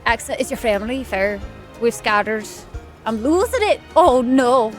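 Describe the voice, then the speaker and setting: A chatty woman talks her way through a video game stream, reacting and answering viewers in a bright, bubbly way. Her voice sits fairly high, and faint game music plays underneath. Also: animated, normal speed. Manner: chatty, bubbly, chats with viewers while playing. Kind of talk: casual let's-play commentary.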